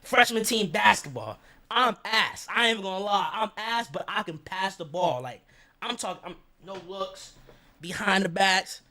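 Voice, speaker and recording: A man's voice: high voice, moderate pace. Young man telling a slangy story. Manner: animated, slangy and profane, acts out quoted people. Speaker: vlogger.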